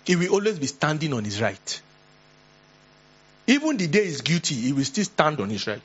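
A male pastor with a Nigerian English accent preaches an earnest, exhorting sermon and slips into animated storytelling. His voice sits a little high and sounds husky. The recording is dull and lo-fi. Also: normal speed, pauses often.

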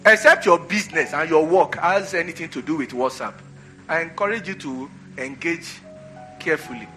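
A man preaches with a bright, forceful voice pitched a little high. He drives home his points by repeating phrases and calling for answers from the congregation. Soft music plays faintly behind him. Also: moderate pace. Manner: call-and-response preaching, repeats phrases for emphasis. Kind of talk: sermon.

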